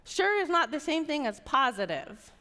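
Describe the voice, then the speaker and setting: A woman's voice: sits high, big pitch swings, moderate pace, pushed and bright. A woman sales trainer giving a casual stage talk at a large conference, coaching the audience and checking in with them. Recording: long hall reverb.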